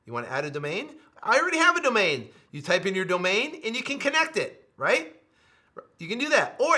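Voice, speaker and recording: A man giving an energetic sales pitch for his software, repeating his points with emphasis and often dropping to a low mutter. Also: brisk. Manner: repetitive, emphatic, with sudden drops to a low mutter.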